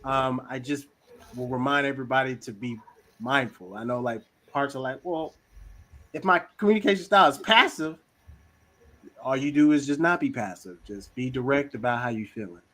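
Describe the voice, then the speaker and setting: A man hosting a casual talk on communication styles, slangy and animated, acting out little quoted voices. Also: medium pitch, a little fast, rough recording. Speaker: host.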